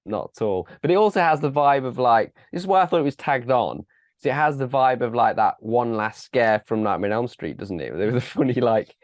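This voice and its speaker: A man joins a relaxed film discussion as guest, tossing in quick asides with a lively, swinging pitch. His voice sounds close and dry, with no room around it. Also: no room sound. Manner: laughing, reactive asides. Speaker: podcast guest. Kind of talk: casual film review chat.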